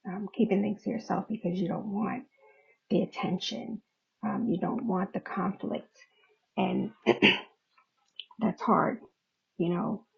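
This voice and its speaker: Her mid-range voice is gravelly with a breathy edge, slow and fairly even in intonation, and she pauses often. A middle-aged woman hosting a podcast, she shares her personal feelings candidly, laughing a lot and swearing casually, in a dull lo-fi recording.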